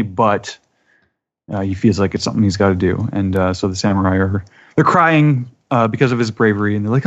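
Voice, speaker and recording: A man's voice: lowish voice, brisk. A man on a podcast panel, narrating a comic chapter in casual chat and acting out quoted lines in a raised voice. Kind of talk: casual manga recap chat. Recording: dull lo-fi audio.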